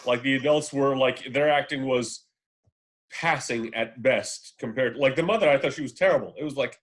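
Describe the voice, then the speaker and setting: A man's voice: mid-range voice, moderate pace. A man co-hosting a casual film podcast, giving his opinions in a rambling way, full of fillers and restarts. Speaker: podcast co-host. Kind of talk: casual podcast chat about films.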